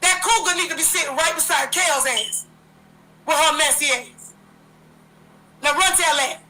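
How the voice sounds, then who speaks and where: High, bright-voiced woman ranting. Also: moderate pace, slight background noise, poor audio. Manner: profane, confrontational, repetitive. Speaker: livestream host. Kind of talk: heated livestream rant.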